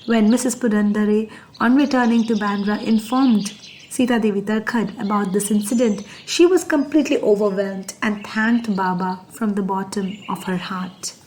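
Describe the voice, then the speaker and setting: A woman narrates a devotional story in a steady, mid-pitched voice. Her reading is earnest and reverent, paced like a prepared script. A faint hiss of noise sits under the voice. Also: normal speed.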